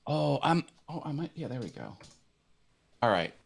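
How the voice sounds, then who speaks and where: A man's voice: medium pitch, sing-song, normal speed, creaky, slightly rough. A man co-hosting a casual live stream who teases himself and laughs often. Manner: teasing, self-mocking, laughs often. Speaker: co-host.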